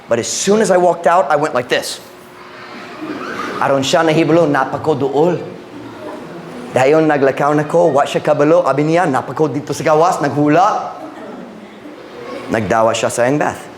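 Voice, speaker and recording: A man preaching a sermon as pastor, animated, slipping between English and Cebuano phrases. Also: fairly high pitch, normal speed, long pauses. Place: church sanctuary. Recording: echoey church room with faint ambient noise.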